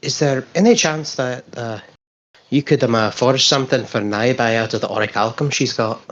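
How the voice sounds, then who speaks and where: A woman's voice: a bass voice, moderate pace. A woman playing in a tabletop role-play game, who talks hesitantly and often restarts her sentences. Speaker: player. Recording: slightly dull lo-fi mic.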